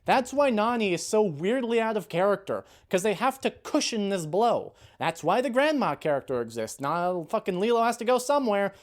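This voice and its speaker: Profane, ranting woman with a low voice. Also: a little mellow. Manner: profane, heated, exasperated ranting with sighs. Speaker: video reviewer. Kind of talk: ranting commentary.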